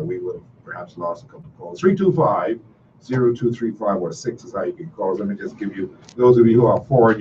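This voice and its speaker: A man's voice: low voice, warm tone, far from the mic, dull audio, slight background noise. A middle-aged man, hosting a casual call-in radio talk show with a folksy, repetitive, storytelling manner.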